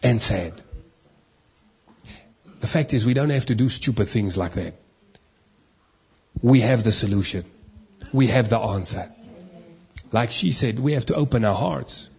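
A man preaching a sermon in a husky, breathy voice. He drives his points home with emphatic repetition and a steady preaching rhythm. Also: mid-range voice, measured pace, long pauses. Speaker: pastor.

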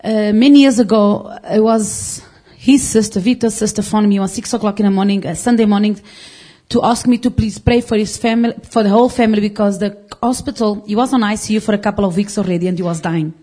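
A woman's voice: mid-range voice, fairly even intonation, fast, warm tone. A woman giving a personal testimony in church, telling it earnestly with frequent restarts and loose phrasing. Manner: earnest storytelling with restarts, non-native phrasing. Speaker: congregation member giving testimony.

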